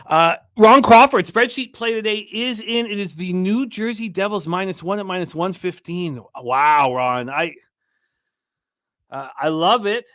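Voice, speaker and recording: A male sports radio host runs through a packed betting card with loose, rambling energy and crude humor. His voice sits a touch high for a man. The recording is close and dry, with no room sound. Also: a little slow, fairly bright tone, dry recording. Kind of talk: casual sports betting talk show.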